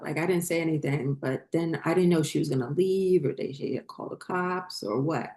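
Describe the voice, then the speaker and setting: A woman with a low, mellow voice tells a personal story in a loose, casual way. She rambles, circles back and fills pauses with fillers as she goes. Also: roomy sound. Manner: rambling, many fillers and restarts. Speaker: spiritual channel host.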